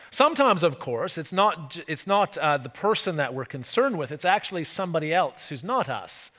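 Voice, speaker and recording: A man's voice: on the high side, fairly bright tone, big-room sound. An Australian man preaching a sermon in a church, chatty and full of tag questions and restarts.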